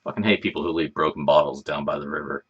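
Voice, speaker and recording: A man's voice: very deep voice, fast, a bit bright, breathy edge, lo-fi sound. A man hosting a casual livestream, chatting in a rambling, laid-back way and swearing freely. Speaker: livestream host.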